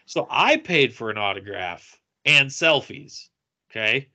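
A man chatting on a podcast, telling a funny story with lots of acted-out quotes. His voice is bright and forward, and he laughs easily as he talks. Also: medium pitch, unhurried. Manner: animated, acts out quotes with laughter. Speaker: podcast co-host. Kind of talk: casual storytelling.

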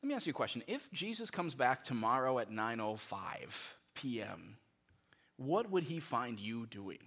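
A man preaching a sermon as pastor, animated and conversational, with many rhetorical questions. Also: medium pitch, moderate pace.

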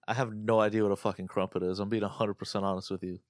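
An American man co-hosting a casual chat, brash and profane, ranting with animated energy. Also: lowish voice, rapid-fire, no room sound, studio quality. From United States.

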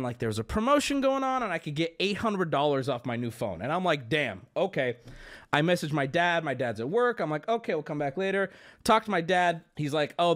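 A young adult man telling a rambling story to his stream chat, animated and swearing, jumping between high exclamations and low mumbles.

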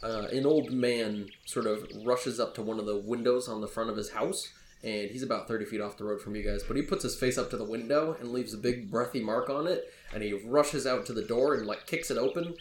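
A man's voice: medium pitch, brisk. Male game master for a casual tabletop podcast, echoey room, light hiss. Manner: relaxed, casual, laughing often. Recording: echoey room with faint noise.

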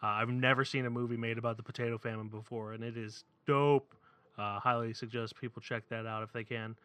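Excitable male podcast co-host from the Philly area, bright, punchy delivery. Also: medium pitch, fairly quick, clear, resonant tone, no echo. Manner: animated, excitable, swears freely. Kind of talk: casual chat.

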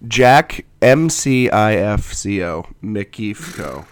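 Low-voiced, wry man with a cough. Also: very animated, extremely slow, smooth. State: has a lingering cough. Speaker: podcast co-host. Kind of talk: casual comedic chat and reading a poem aloud.

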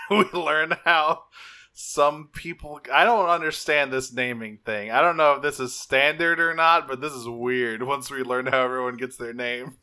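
A man co-hosting a podcast, recapping a cartoon in casual chat, swearing freely and acting out the characters' lines. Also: medium pitch. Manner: profane, animated, acts out characters' lines. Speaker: podcast co-host.

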